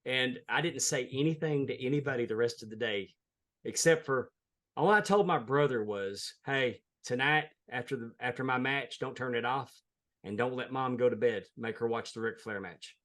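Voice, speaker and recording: A man's voice: medium pitch, normal speed, a bit bright. A man, a wrestling referee, telling a heartfelt story in a casual interview. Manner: earnest, heartfelt, plain-spoken.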